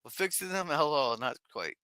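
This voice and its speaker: A man hosting a casual livestream, reading viewer messages aloud in a chatty, halting way. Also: on the high side, animated, bright, forceful tone, clean tone, dry recording. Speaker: stream host reading chat.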